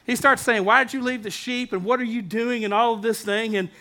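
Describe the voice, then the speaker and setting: A man delivers a sermon as pastor, talking straight to his congregation. His voice sits very high with a bright, forceful edge. He is lively, mixing jokes and asides into the preaching. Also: fairly quick.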